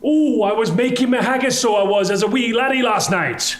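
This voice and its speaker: A man voicing a boastful fake Scotsman in a hammed-up Scottish accent with a high, exaggerated lilt. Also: fairly quick, echoey room. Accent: put-on Scottish.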